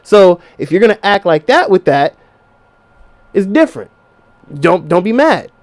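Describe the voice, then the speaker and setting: High-voiced young man ranting casually. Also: sing-song, measured pace. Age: 20s. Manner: profane, blunt, advice-giving. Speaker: podcast host. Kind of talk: casual podcast rant.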